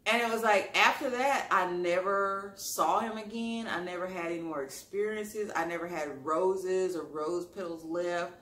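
A man telling an emotional personal story on his channel in an expressive, sassy way, calling listeners honey. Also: high-pitched, normal speed, few pauses. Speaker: storytime YouTuber. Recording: roomy echo.

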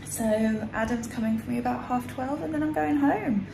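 A woman's voice: a little high, normal speed, creaky, noisy background. A woman vlogging in casual chat to camera, tired and a little out of breath, rambling with lots of fillers, recorded on a phone in a small room.

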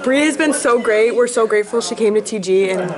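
A teenage girl with a slightly high voice talks playfully into a friend's phone camera. Her delivery is giggly and lively, and a noisy school crowd roars behind her. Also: a little fast. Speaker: classmate. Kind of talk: casual chat to camera. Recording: loud crowd chatter behind. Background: loud student crowd.

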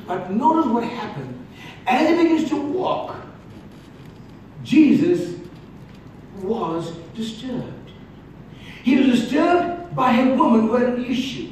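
A man preaching a sermon as pastor, emphatic and shouting at times, then dropping suddenly to quiet. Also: very high voice, sing-song, slow pace, pauses often. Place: large church hall. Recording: echoey hall from far off, faint noise.

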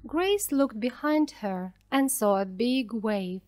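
A woman narrating a graded reader story slowly and clearly for language learners. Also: on the high side, animated, a little mellow, dry recording. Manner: slow, clear, carefully paced for learners.

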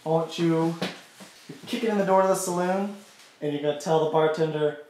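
Young male director type, brisk cues, slightly high voice; very echoey room, faint hiss. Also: a little mellow. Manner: gives short stage directions. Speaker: friend directing the mock audition. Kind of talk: casual directing.

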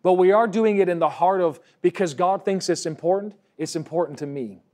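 A man's voice: high voice, a little fast, a little mellow. A male pastor preaching a church sermon, reading scripture aloud between emphatic, conversational points. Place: church service.

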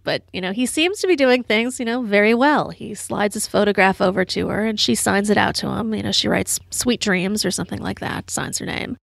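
A woman's voice: mid-range voice, creaky, no echo, studio quality. A woman hosting her podcast, telling rambling stories with lots of fillers while a bit tipsy from drinking. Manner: chatty, rambling, many "you know" fillers, laughs at own story. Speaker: podcast host. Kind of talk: casual storytelling monologue.

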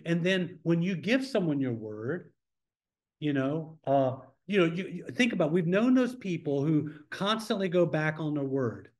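A man with a fairly high voice teaches a midweek Bible study in a church. He talks informally and keeps turning to the class with questions. His tone is plain and conversational rather than preached.

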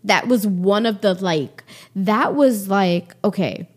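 A woman in her forties, a podcast guest telling her own story candidly, lively and acting out the quoted exchanges. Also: mid-range voice, slow. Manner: animated, acts out quoted exchanges with laughs.

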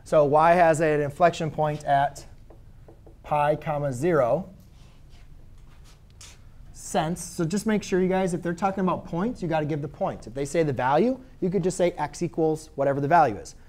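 A man's voice: a little high, normal speed, a little mellow. A man teaching a math class in a conversational way. He asks his students questions and corrects his own slips as he goes. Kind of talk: classroom lecture.

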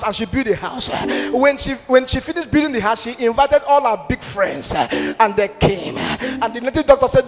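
A man preaching a deliverance sermon, animated, slipping into pidgin, shouting and half-singing his lines. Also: very high voice, normal speed. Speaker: pastor. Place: large church hall. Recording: church hall with reverb, music behind.

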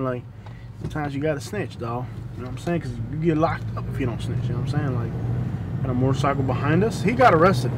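A high-pitched man vlogs while driving at night, rambling through stories in Southern slang and laughing often. The low-quality recording picks up faint road, traffic, and street noise behind him.

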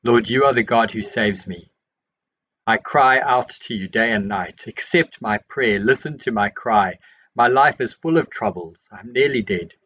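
A man reads scripture aloud at an even, unhurried pace, in a middle-pitched voice. The recording sounds a little dull and muffled. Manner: measured, steady reading voice. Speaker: Bible reader. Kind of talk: scripture reading.

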